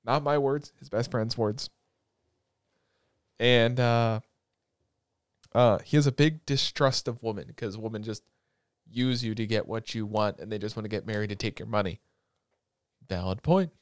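A young man hosting a casual chat, recapping a story in an animated, rambling, crude and joking way. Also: on the low side, unhurried, long pauses, no room sound, studio quality.

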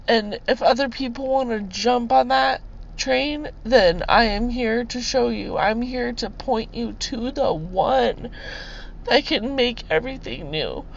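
A woman's voice: on the high side, creaky. A young woman hosting a podcast, giving an earnest, preachy faith testimony and growing tearful at times. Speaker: podcast host sharing her testimony. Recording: slightly dull lo-fi sound with faint hiss.

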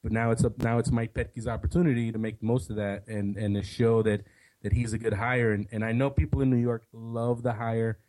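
A man's voice: medium pitch, level tone, brisk, darkish tone, rough recording. A man co-hosting a soccer podcast in casual chat, giving opinionated takes with many restarts. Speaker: podcast co-host.

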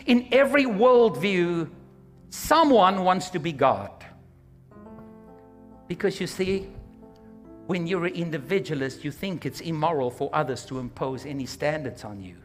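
A man's voice: high voice, unhurried, faint music behind. A male pastor preaching a sermon, exhorting his church and calling for amens, slipping into quoted voices. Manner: animated, slips into quoted voices.

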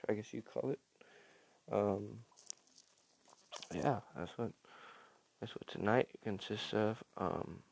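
A fairly low-voiced man gives a slow, laid-back podcast update, slightly hoarse, with a gravelly rasp in his voice. He rambles and fills the gaps with ums. The sound is dry and close, with no room around it. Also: mellow, no echo. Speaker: podcast host.

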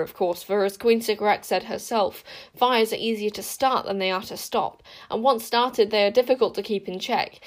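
A woman narrating a children's fantasy book aloud, lively and expressive, with chatty asides to the listener. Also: medium pitch. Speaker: audiobook reader. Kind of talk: storybook narration.

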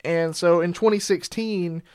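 A man's voice: high voice, steady tone, unhurried, darkish tone, clear, resonant tone. A man co-hosting a casual podcast chat, joking and laughing often. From New Jersey. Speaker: podcast host.

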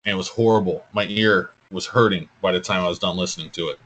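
A man's voice: low-pitched, quick pace, fairly bright tone, highs cut off. A man co-hosting a podcast in casual chat, blunt, opinionated and given to swearing. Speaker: podcast co-host.

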